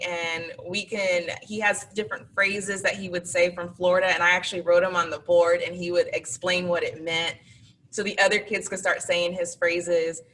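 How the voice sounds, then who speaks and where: A woman's voice: on the low side, a bit bright. A woman teacher, a guest on an interview show, telling classroom stories in a chatty way and acting out her students. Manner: chatty anecdotal, acts out students. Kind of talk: interview storytelling. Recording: distant mic with faint background noise.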